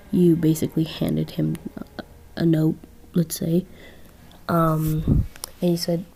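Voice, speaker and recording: Gravelly-voiced woman rambling through a story. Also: low voice, level tone, slow, long pauses, mellow, soft background music. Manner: rambling, chatty, self-correcting. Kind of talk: casual fan-fiction narration.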